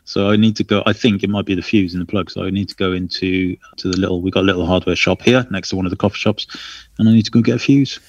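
A man's voice: deep voice, fairly even intonation, fast, no room sound, dull audio. A man co-hosting a podcast in a casual chat, telling rambling self-deprecating stories. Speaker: podcast co-host.

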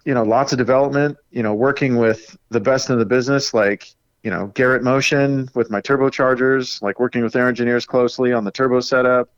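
A man of middle pitch recounts his race in a relaxed podcast conversation. He tells it with animated energy and breaks into quick laughs. The sound is close and dry. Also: smooth, no room sound, highs cut off. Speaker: racing driver guest. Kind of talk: casual podcast interview.

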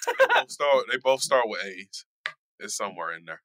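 A young man with a fairly low but bright voice jokes around in a casual chat and argues his point stubbornly. The sound is dry and close. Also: wildly swooping pitch, normal speed, dry recording. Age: young adult.

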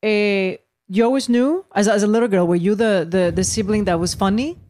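A woman's voice: mid-range voice, moderate pace, dark tone. A woman from Puerto Rico with a Puerto Rican Spanish accent, hosting a casual interview and reacting with emphatic agreement.

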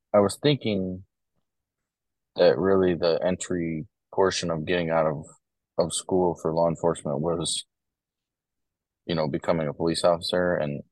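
Deep-voiced man telling stories casually. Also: no echo, rough recording. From Ohio, US. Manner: relaxed storytelling, many fillers. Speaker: podcast guest, corrections officer. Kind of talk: casual conversation.

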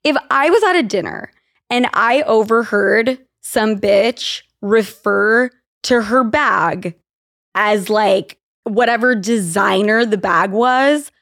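A woman's voice: medium pitch, slow. A young woman from Utah hosting a podcast, telling candid, profane stories in casual chat. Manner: candid, profane, animated storytelling. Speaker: podcast host.

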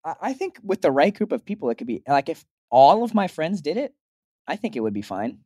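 A man's voice: a little high, sing-song, brisk, darkish tone, dry recording, clean studio sound. A young man co-hosting a podcast, teasing his friend and telling rambling stories. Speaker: podcast co-host. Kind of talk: casual chat.

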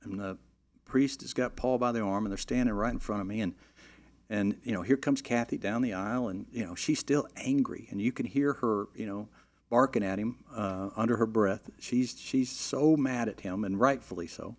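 A middle-aged man telling a long, animated anecdote in a casual way, with frequent "you know" fillers and restarts. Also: fairly low pitch, moderate pace. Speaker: storyteller.

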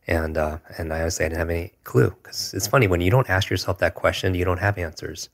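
A man in his forties recounts his past as an interview guest, earnest and reflective. His voice sits extremely low, and his pitch moves very little. He often pauses on asides like "if you will". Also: steady tone, vocal fry. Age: 40s. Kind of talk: personal storytelling in an interview.

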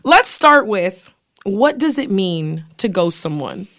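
A woman's voice: medium pitch, sing-song, takes it slowly, a bit bright, no echo, studio quality. A young woman co-hosting a podcast, chatting casually in a playful, dramatic way and laughing often. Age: young adult. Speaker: podcast co-host. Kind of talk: casual chat.

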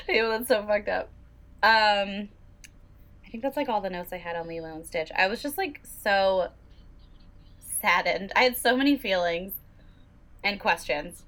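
A woman's voice: mid-range voice, sing-song, a little slow, long pauses, a bit bright. Giggly chatty young woman. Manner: giggly, chatty, lots of "like" and laughs. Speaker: podcast co-host, teacher. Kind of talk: casual chat.

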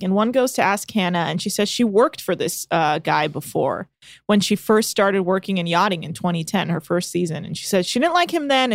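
A woman's voice: mid-range voice, no room sound, studio quality. A woman co-hosting a casual podcast, recapping a reality show in a chatty, sarcastic way with plenty of filler words. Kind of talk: casual chat.

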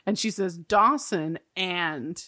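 A woman's voice: lowish voice, takes it slowly, bright, forceful tone, dry recording, clean studio sound. Chatty woman recapping a show. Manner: chatty, laughs often, lots of fillers. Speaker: podcast co-host. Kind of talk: casual chat recapping a TV episode.

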